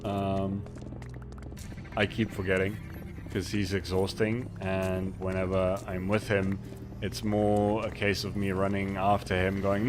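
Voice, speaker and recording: A man's voice: low-pitched, flat delivery, measured pace, faint music behind. A man streaming a game, chatting casually, rambling and mocking himself while reading chat aloud into a desk microphone.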